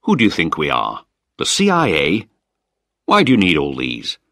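A man reading aloud plays a stern spy-service chief in a storybook, firing off short, demanding questions in a low voice. The sound is close and dry. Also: huge pitch swings, normal speed, pushed and bright, no room sound, exaggerated voice. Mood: incredulous. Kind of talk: graded reader audiobook.

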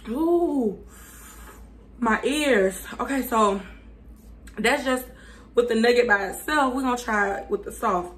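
A woman with a slightly high voice talks slowly and casually to her viewers as she reviews spicy food. She hums between bites and pauses to catch her breath while her mouth burns. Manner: chatty, addresses viewers as y'all, hums while eating.

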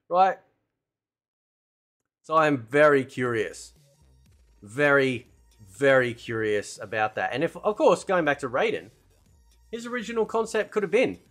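Animated man ranting about games. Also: fairly high pitch. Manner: animated, rambling, peppered with "right?" and "man". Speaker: gaming channel host. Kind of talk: casual opinion commentary.

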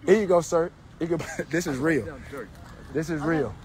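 A man's voice: fairly high pitch, measured pace, over a noisy crowd. A man filming a street confrontation on his phone outdoors, talking indignantly and in disbelief, repeating himself. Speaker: person filming a street dispute. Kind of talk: heated street confrontation and vlog commentary. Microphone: handheld phone camera.

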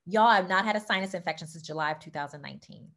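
A Southern-accented woman from Louisiana who gives an excitable, chatty talk about wellness products, peppering it with y'all and okay. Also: fairly low pitch, very fast. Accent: Southern American. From Louisiana, United States. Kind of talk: casual product talk to camera.

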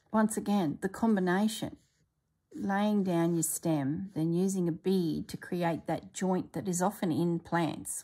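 A woman's voice: lowish voice, darkish tone, husky. A woman chatting casually as she reviews a craft book, exclaiming and thinking aloud, often trailing off mid-sentence.

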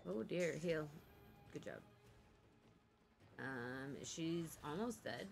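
A woman's voice: low-pitched, lively intonation, very slow, vocal fry, faint music behind. A woman co-streaming, giggling and coaching the player through a fight. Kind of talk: casual gameplay chat.

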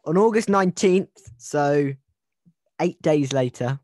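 A man's voice: a little high, lively intonation, a little slow, a little mellow, dry recording, studio quality. A man hosting a casual podcast over a video call, retelling a true-crime case in a joking, rambling way with many restarts. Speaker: podcast host.

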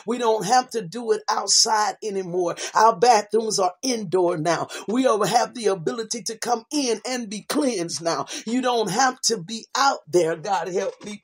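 Husky-voiced woman preaching with emphatic repetition. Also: medium pitch. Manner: emphatic and repetitive, calls listeners sweetheart and baby. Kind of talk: informal sermon.

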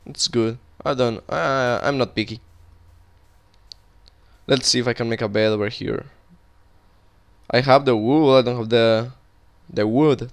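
A young man commentating his game casually, cursing a lot and yelling in panic when monsters show up. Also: mid-range voice, clean tone. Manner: casual, swears often, cries out in panic at monsters. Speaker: gaming YouTuber. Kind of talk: Minecraft let's play commentary.

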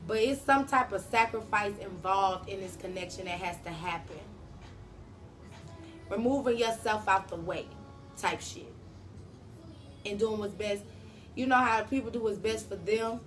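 A woman's voice: medium pitch, measured pace, pauses often, fairly bright tone, soft background music. A woman doing a casual tarot reading, talking straight to her viewers in a slangy, profane way. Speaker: tarot reader.

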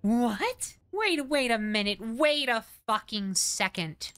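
A woman's voice: a little high, big pitch swings, takes it slowly, clear, resonant tone, no echo. Shrieking, swearing woman streamer. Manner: loud, shrieky, swears a lot. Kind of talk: gaming commentary.

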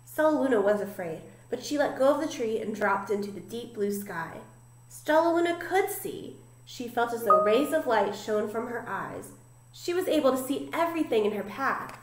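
A woman reads a children's picture book aloud in an expressive way. Her fairly high voice moves up and down a lot. The room adds a clear echo to her voice. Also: moderate pace, slight background noise. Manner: expressive, voices each animal. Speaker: storybook reader.

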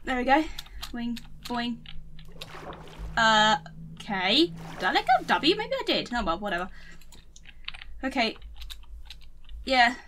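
A woman's voice: on the high side, sing-song, a little slow, pauses often, fairly bright tone, a little hiss or hum. A young woman giving chatty, giggly gaming commentary, rambling and talking to herself as she plays. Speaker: gaming channel host.

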